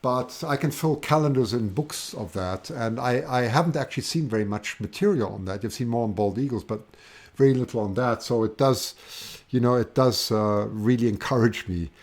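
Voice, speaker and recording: A man with a German accent hosting a live stream, chatting enthusiastically to viewers with many halting restarts. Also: medium pitch. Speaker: host of a livestream. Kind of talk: casual live-stream chat.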